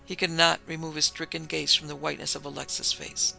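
Male narrator for a dark tale, gravelly, a touch high, faint music underneath. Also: flat delivery, quick pace, rough recording. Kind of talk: scripted story narration.

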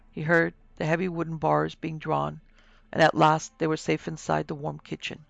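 A man narrating a horror story in a steady, even reading pace. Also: a little high, normal speed, creaky, dry recording.

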